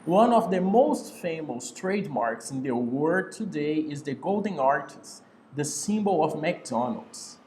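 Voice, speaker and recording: A man with a high, lively voice teaches an English class over a video call. He talks slowly and patiently, repeating each key word. His voice carries a roomy echo. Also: slight background noise.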